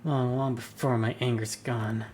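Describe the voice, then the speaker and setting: A man voicing a short-tempered small woman police officer who snaps in loud outbursts while reading a game aloud. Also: mid-range voice, flat delivery, measured pace, slight background noise, natural voice. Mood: sullen.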